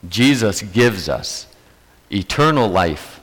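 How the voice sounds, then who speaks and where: A male pastor delivering a sermon at an unhurried pace, his pitch rising and falling expressively. He speaks earnestly and repeats phrases for emphasis. His voice carries a long echo, as if in a large church hall. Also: expressive, a bit bright. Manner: earnest, repetitive emphatic preaching.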